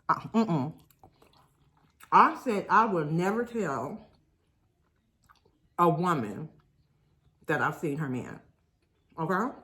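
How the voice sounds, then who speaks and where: A young woman vlogger chatting casually to viewers while eating, telling a story in an animated way. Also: fairly low pitch. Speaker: mukbang vlogger.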